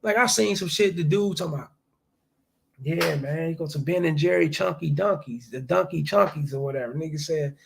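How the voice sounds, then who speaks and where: Gravelly livestreamer man around forty. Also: on the high side, fairly quick. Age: late 30s to early 40s. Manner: animated, swearing, reading viewer chats aloud. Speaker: livestream host. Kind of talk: casual profane livestream chat.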